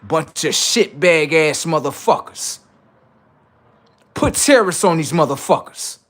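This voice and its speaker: A man hosting a livestream, ranting in a heated, taunting way, swinging between loud jeers and low asides. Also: animated, a little slow. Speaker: livestream host. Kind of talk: profane livestream rant.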